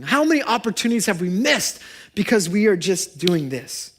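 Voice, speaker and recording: Animated pastor, fairly high voice. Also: male voice, normal speed. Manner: animated, swings from loud emphasis to quiet storytelling. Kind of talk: sermon with storytelling. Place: church service.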